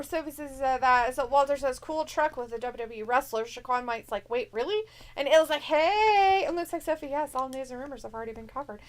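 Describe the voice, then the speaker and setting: With a high voice, a woman co-hosts a live stream, chatting casually and reading viewer messages aloud in a teasing, joking way.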